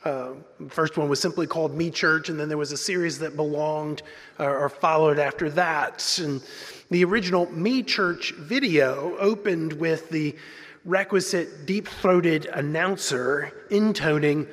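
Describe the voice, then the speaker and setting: A man's voice: a little high, measured pace, fairly bright tone. A male pastor delivering an earnest, conversational sermon in a church, sometimes restarting his phrases. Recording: long reverb in a large hall.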